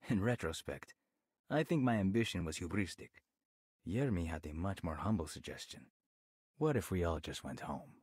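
A man voicing a brooding, weary male author in a game cutscene, speaking in a slow, grave monologue. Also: deep voice, lively intonation, a little mellow, slightly rough, no echo, clean studio sound. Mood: gloomy.

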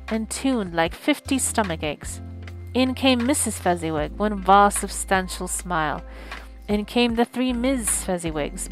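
Woman streamer reading a classic book, expressive and lively, mid pitch, soft music in back. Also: poor audio. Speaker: audiobook streamer. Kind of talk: reading a classic novel aloud.

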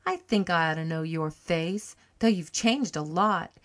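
A woman reading an audiobook, voicing a cheery, warm-hearted country farm wife with a folksy rustic dialect. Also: on the low side, measured pace, lightly acted. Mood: welcoming.

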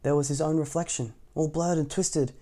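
A man reading a children's picture book aloud as the storytime host, adding gentle asides to young listeners. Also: fairly high pitch, fairly even intonation, moderate pace. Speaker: storytime reader.

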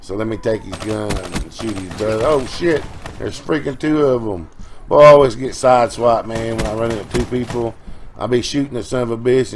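A man's voice: fairly low pitch, a little hiss or hum. Tired, folksy gamer man. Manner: rambling, folksy and profane, with quick outbursts. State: tired from no sleep. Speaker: gaming channel host. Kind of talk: gameplay commentary voice-over.

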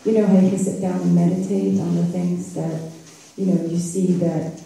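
Dark-voiced woman in echoey hall. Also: on the low side, big pitch swings, normal speed, gravelly. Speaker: spiritual community member. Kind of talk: casual sharing at a retreat. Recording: echoey room, voice from far off.

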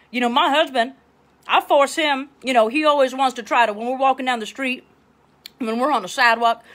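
A woman's voice: high-pitched, a bit bright. A woman playing a bossy Louisiana advice lady. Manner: chatty, bossy, tangents, keeps asking okay. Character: brassy middle-aged Southern woman giving life advice. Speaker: host of a live advice show. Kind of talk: improv comedy livestream.

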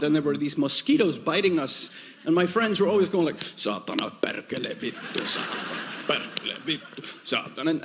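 A man with a high voice does a stand-up comedy set in front of a live audience, jumping into mimicry of foreign speech and swearing. The recording comes from a noisy live venue. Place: stage before a live audience.

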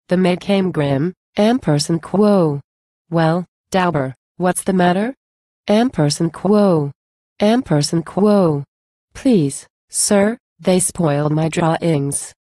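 A woman recites narrative verse slowly, her voice low and mellow. The sound is dry and close, with no room around it. She reads stray symbols aloud as if they were words. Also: no room sound. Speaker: poetry reader. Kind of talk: scripted poetry recitation.

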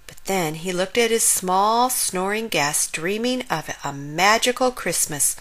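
Woman reading a kids book out loud, slow and bright, lots of up and down. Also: medium pitch, animated. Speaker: storyteller. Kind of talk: children's story read-aloud.

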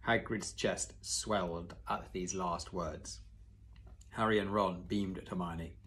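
A man reading a children's novel aloud in a steady storytelling manner, now and then correcting his own slips. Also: low-pitched, unhurried. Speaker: reader.

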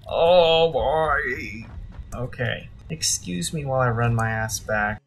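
A man commenting on his own gameplay, excitable and dramatic, swearing freely and joking about his own panic. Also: mid-range voice, moderate pace, vocal fry, faint music behind. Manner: self-deprecating, jokey panic. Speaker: gaming channel host.

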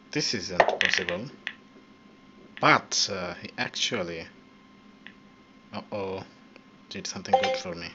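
Low-voiced man swearing through gameplay. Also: vocal fry. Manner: excitable, swears often at the game. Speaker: gaming channel host. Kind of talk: casual live gameplay commentary. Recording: dull lo-fi mic with steady background noise.

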